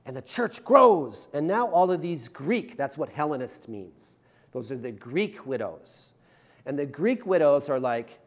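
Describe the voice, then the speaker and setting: A man delivers a conversational sermon as a pastor. His voice sits a little high and moves with lively, animated swings in pitch. He keeps it informal with self-deprecating humor and keeps checking in with his listeners. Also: moderate pace. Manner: chatty, self-deprecating humor, frequent "right?" tags.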